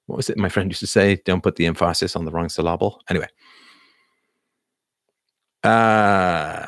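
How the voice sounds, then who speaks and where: Middle-aged male livestream host, low register, loose rambling delivery, dry room. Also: fairly bright tone, dry recording. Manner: rambling, lots of fillers and restarts. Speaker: livestream host answering viewers. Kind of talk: casual live chat.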